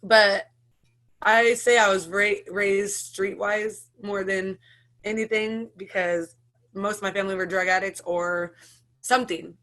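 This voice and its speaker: A woman's voice: medium pitch, steady tone, measured pace, a bit bright. A woman in her thirties with an American accent, telling her personal story in an emotional, rambling way with many restarts and nervous laughs. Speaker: interviewee.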